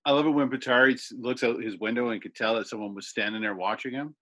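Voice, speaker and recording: Husky, bright-voiced man co-host. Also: mid-range voice, steady tone, fast. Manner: chimes in briefly, laughs along. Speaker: podcast co-host. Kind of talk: casual movie review chat.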